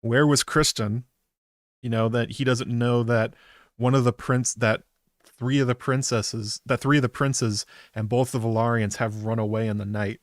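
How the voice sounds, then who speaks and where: A man's voice: mid-range voice, level tone, normal speed, no room sound. Man rambling casually, dry close sound. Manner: rambling, with frequent "um" fillers. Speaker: podcast host. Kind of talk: casual TV episode recap.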